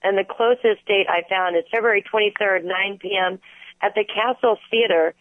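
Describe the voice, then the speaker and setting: A woman's voice: mid-range voice, moderate pace. A woman calling in to a radio show who talks about local gigs with enthusiasm. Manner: enthusiastic, upbeat. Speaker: radio guest on phone. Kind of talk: casual radio chat. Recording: tinny phone line.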